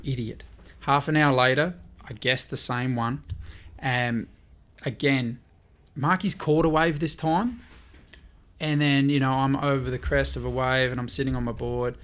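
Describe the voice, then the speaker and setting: A man's voice: mid-range voice, unhurried. A man, a podcast guest telling a story in casual talk, acting out what people said and swearing now and then. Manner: lively, swears, quotes people in dialogue.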